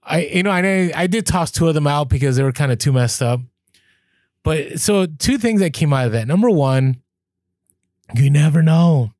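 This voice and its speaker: Animated man telling reseller stories. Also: fairly high pitch, normal speed, dry recording, studio quality. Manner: animated storyteller, acts out quoted exchanges. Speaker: podcast co-host. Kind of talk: casual chat.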